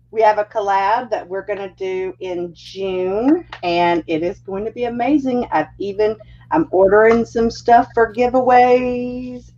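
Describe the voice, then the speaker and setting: A woman's voice: medium pitch, highs cut off. A middle-aged woman chatting as a guest on a livestream, telling family stories and acting out what people say. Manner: animated storyteller, acts out family quotes. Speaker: guest craft creator. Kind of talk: casual livestream chat.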